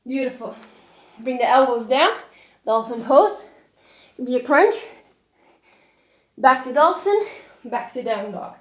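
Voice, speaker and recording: A high-voiced woman leads a yoga flow while doing it herself, out of breath and encouraging. She speaks slowly and calmly between poses. The room has a roomy echo. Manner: encouraging, breathy cues with light laughter. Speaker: yoga instructor. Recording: echoey room.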